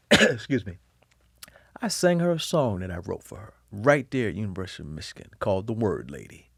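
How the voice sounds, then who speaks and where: A man, a guest on an interview podcast, telling candid personal stories in a lively, expressive way. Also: moderate pace, vocal fry, pauses often, husky, dry recording, studio quality. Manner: animated storyteller, lively swings in pitch and volume.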